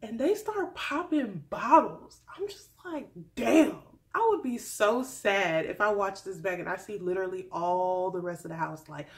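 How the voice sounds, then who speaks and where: A woman's voice: mid-range voice, moderate pace, few pauses. Sassy chatty woman vlogger. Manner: chatty, sassy, animated with mock quotes. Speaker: vlogger recapping a reality show. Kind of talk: casual recap vlog.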